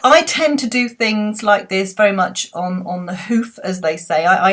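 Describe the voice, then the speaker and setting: A woman's voice: medium pitch, fairly bright tone. A woman talking to her computer's webcam, giving friendly, chatty advice as a public speaking coach, with small restarts. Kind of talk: casual talk to camera giving advice. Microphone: computer webcam mic.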